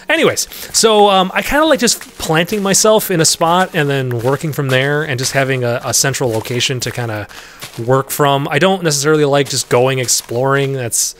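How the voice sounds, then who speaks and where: A man's voice: fairly high pitch, slight background noise. A man hosting a let's play in casual gameplay commentary, rambling along and chatting to the creatures in the game, with easy laughs and sudden yelps. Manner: laughs easily, bursts into loud yelps.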